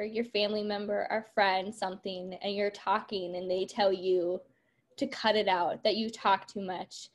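A woman teacher recapping and discussing a play in a casual way, thinking aloud with frequent ums. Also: medium pitch.

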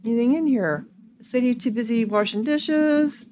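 A woman playing a video game and reading its text aloud, thinking out loud casually with hums and ums. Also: a little high, moderate pace, a little hiss or hum. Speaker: gaming video creator.

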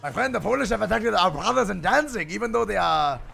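A man streaming a strategy game, chatting excitedly and playing at diplomacy with the other players. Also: sits high, fast talker, creaky, over music. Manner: excitable, swears, calls others "my friend". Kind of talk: casual gaming chat with mock diplomacy.

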